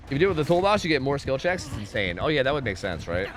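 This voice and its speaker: A man streaming a game live and chatting with viewers, excitable and profane, swinging between loud pleading and low mumbling. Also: rapid-fire. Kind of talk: live gaming commentary with chat.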